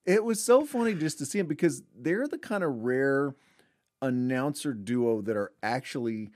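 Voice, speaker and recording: Animated man telling stories as a podcast guest. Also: mid-range voice, moderate pace, dry recording, clean studio sound. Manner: animated storyteller who acts out quotes. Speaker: sports media writer, guest. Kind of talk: casual podcast interview.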